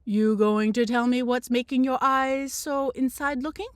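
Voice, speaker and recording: A woman voicing a calm, blunt old grandmother in a storybook read-aloud, speaking in plain, broken phrases as she coaxes. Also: high voice, unhurried, no room sound, studio quality. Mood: coaxing.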